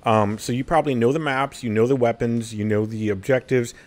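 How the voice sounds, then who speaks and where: A man's voice: steady tone, fairly quick, a little mellow. A man chatting casually on a podcast, rambling and self-deprecating, acting out quotes. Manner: rambling, self-deprecating, acts out quotes with big pitch jumps. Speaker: guest streamer.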